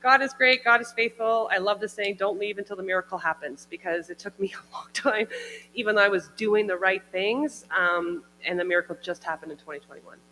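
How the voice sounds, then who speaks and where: A woman's voice: mid-range voice, a little fast, sharp tone. A woman giving a heartfelt personal testimony at a church service, chatty and full of "like" and "I remember". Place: church hall. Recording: hall reverb with faint mains hum.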